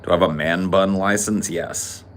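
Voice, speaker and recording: A man's voice: deep voice, steady tone, moderate pace, fairly bright tone, slight background noise. A man co-hosting a comedy podcast in casual, joking banter. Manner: joking, wry, swears. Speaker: podcast co-host.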